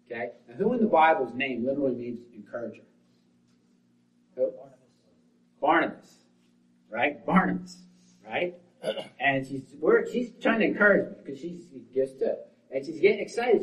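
A man's voice: medium pitch, fairly quick. Emphatic male pastor in an echoey hall. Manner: emphatic, swinging from loud to hushed. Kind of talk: sermon. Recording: roomy, distant, dull sound.

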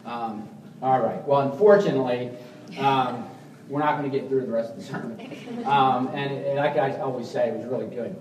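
A male pastor preaching to his congregation, earnest and unscripted, sliding between quiet stretches and forceful bursts and tripping over repeated words. His voice carries through an echoing sanctuary from a mic some distance away. A faint hum of the room sits underneath. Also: medium pitch, steady tone, moderate pace. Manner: frequent restarts and repeated words. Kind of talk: sermon.

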